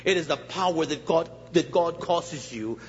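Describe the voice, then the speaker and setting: A fairly high-voiced man preaches a sermon in a big church hall, and his voice rings with a long reverb. He tells stories with life and acts out the people he quotes. The sound is a bit muffled, with a faint hum under it. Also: expressive, moderate pace. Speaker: guest pastor. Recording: echoey hall, dull sound.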